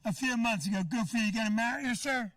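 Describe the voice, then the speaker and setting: A middle-aged man working a comedy club crowd, brash and profane and never letting up on the teasing. His voice sits high for a man. The sound is dry, with the mic set back from him. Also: fast, a bit bright, no echo, far from the mic. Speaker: stand-up comedian. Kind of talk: stand-up set with crowd work.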